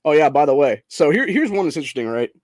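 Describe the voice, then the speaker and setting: A man's voice: fairly high pitch, very animated, fast, a little mellow, no echo, clean studio sound. A young man from Ohio hosting a political show, ranting heatedly and profanely, calling listeners "dude" and "bro". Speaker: political podcast host. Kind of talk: angry political rant.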